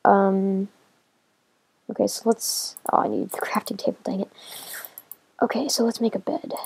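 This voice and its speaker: A woman giving casual commentary as she plays a video game, talking to herself and getting excited as she goes. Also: medium pitch, vocal fry, breathy edge. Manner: excitable, talks to herself while playing. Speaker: gamer.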